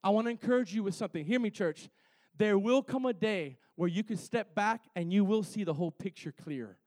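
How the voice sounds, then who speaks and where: A man's voice: sits high, a little fast, darkish tone, no room sound. A male preacher delivering a fervent sermon to his church, repeating phrases and calling for amens.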